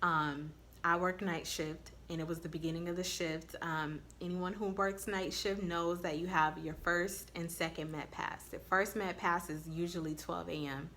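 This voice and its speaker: A woman's voice: fairly low pitch, steady tone, normal speed, few pauses, fairly bright tone, a little hiss or hum. A woman nurse giving casual advice to her viewers, telling candid stories with blunt swearing. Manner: blunt, candid storytelling with profanity; speaks straight to viewers.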